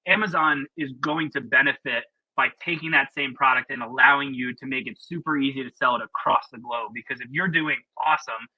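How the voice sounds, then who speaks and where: A man's voice: medium pitch, brisk, hardly any pauses, husky, no echo, muffled recording. A man presenting a webinar in a casual, chatty, opinionated way with plenty of fillers, over a video call.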